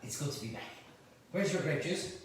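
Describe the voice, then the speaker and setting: This middle-aged Irishman runs a live cooking demonstration in his home kitchen, chatting and ribbing people as he cooks, his slightly high voice animated and at a normal pace. The very echoey room carries his words to a far-off mic over faint background noise.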